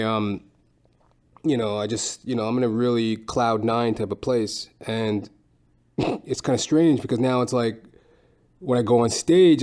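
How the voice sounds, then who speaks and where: A man's voice: on the low side, a little mellow. A man hosting his own podcast, talking in a loose, rambling monologue full of swearing and self-mockery. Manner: profane, rambling, self-mocking. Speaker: podcast host and stand-up comedian.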